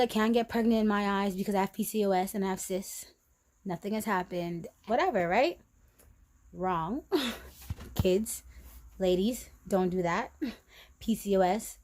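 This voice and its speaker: A woman's voice: fairly high pitch, darkish tone. A young woman telling a story to her viewers in a chatty, slangy way, a little out of breath, acting out what her friends said. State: a bit out of breath. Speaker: vlogger. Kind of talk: casual storytime vlog.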